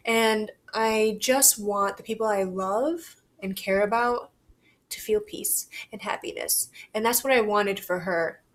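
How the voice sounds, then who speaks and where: Slow, halting young woman confiding. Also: mid-range voice. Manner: halting, reflective, candid, swears casually. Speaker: vlogger. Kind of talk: personal confessional vlog.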